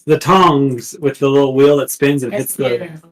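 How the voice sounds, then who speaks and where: A man's voice: mid-range voice, steady tone, a little slow, low-quality recording. Male game master, rambling descriptive narration.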